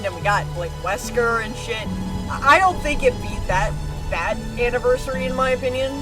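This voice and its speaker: A woman streamer reacting live, excitable, casual and swearing freely as she shouts and laughs. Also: on the high side, normal speed, over music.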